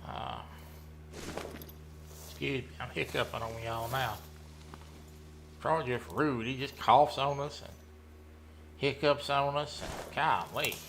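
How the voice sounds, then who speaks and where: A man, chatting casually while playing a hunting game, rambling and often clearing his throat. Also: medium pitch, steady tone, unhurried, long pauses, a bit bright, a little hiss or hum. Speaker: gaming streamer running a members' community.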